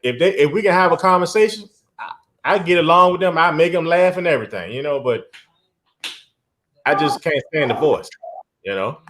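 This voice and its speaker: A man's voice: fairly high pitch, animated, normal speed, pauses often, a bit bright. A man hosting a casual live stream, talking emphatically, repeating his phrases and often breaking into laughter.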